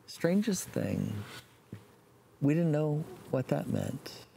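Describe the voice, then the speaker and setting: A man preaching a sermon, praying and telling a story in a relaxed, folksy way with fillers. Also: on the high side, slow, vocal fry, pauses often, slight background noise.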